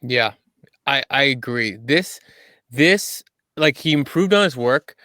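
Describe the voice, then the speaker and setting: A man's voice: mid-range voice, lively intonation, takes it slowly, pushed and bright, dry recording, studio quality. A man co-hosting a casual podcast, agreeable and chatty with many fillers. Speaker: podcast co-host.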